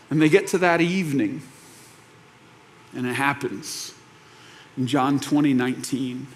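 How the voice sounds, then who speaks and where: A man preaching an Easter sermon as pastor, telling the story in a way that moves from hushed to animated. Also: mid-range voice, measured pace, pauses often, a little hiss or hum. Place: church auditorium.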